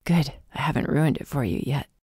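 A woman voicing a gravely ill young man in an audiobook, speaking weakly and pleadingly, often near a whisper. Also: very deep voice, lively intonation, a little fast, no echo, studio quality, full character voice. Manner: weak, hushed and pleading. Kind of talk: audiobook character voice.

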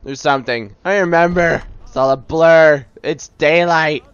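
A man's voice: fairly high pitch, fairly even intonation, measured pace, a bit bright, clean tone, no echo, lo-fi sound. A man giving chatty, self-mocking commentary while playing a game. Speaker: let's-play host. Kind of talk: casual gaming commentary.

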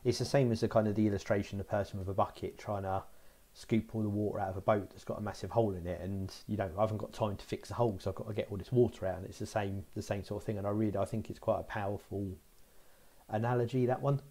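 A man's voice: on the low side, steady tone, fast talker, creaky, dark tone. A middle-aged man co-hosting a podcast in casual chat, reflective and hesitant, often restarting his sentences. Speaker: podcast co-host.

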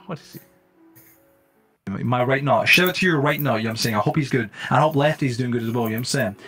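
A young man live-streaming a game, chatting with viewers in slang and breaking into loud exclamations. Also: mid-range voice, fast. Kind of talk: live-stream gaming commentary. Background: faint music.

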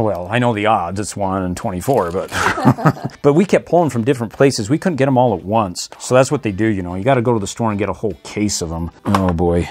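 A man hosting a casual toy unboxing video, chatty and excitable, often breaking into laughter. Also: on the low side.

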